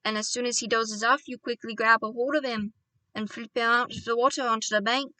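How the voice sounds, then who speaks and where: A woman voicing an excitable elderly country doctor who bursts into loud, indignant outbursts. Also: on the high side, a little fast, dry recording. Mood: cheerful.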